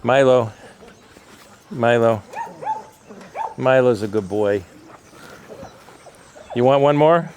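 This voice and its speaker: Recorded outside at a sanctuary, a man chats casually with rescue dogs, coaxing them with affection and pausing often. His voice is mid-range and slow, and he sometimes explains things to the camera over steady background noise and barking.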